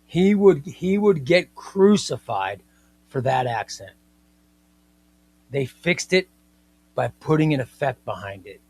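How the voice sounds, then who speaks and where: A man's voice: medium pitch, sing-song, slow pace, long pauses, a little mellow, breathy edge. A man hosting a casual comics livestream, talking emphatically, repeating his points and reading viewer comments aloud.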